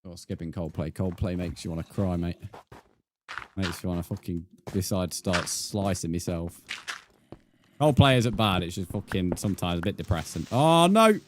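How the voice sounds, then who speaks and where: A man's voice: deep voice, moderate pace, background noise. A young man streaming, chatting casually with viewers, swearing freely and calling them mate. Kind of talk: casual live-stream chat.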